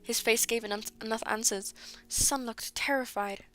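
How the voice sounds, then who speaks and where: A woman's voice: on the high side, steady tone, normal speed, pushed and bright. A woman streamer reading her friends' old fan fiction aloud, often breaking off to laugh, apologize and comment. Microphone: streaming mic. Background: music playing.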